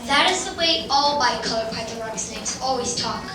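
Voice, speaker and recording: Older woman, stage narrator, measured storybook delivery, fairly high voice, distant, echoey hall. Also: over music. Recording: echoey hall from far off, background noise.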